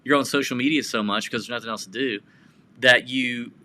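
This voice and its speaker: A man co-hosting a casual podcast, telling rambling stories with excitement. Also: medium pitch, fairly quick. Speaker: podcast co-host.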